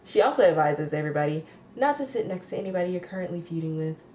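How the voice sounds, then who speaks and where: Outspoken woman reviewer, lower voice, roomy echo, faint hiss. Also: expressive, fast talker, warm tone. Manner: sassy, blunt, swears freely. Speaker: reality TV reviewer. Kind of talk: casual TV recap.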